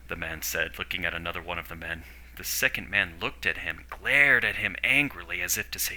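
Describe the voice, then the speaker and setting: A man narrating a story in a steady, descriptive way. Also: low-pitched, brisk, few pauses, low-quality recording.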